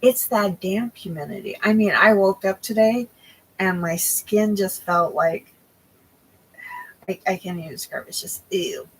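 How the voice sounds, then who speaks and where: A woman's voice: medium pitch, unhurried, slight background noise, low-quality recording. A young woman hosting a crochet livestream, chatting casually with viewers and often losing her train of thought.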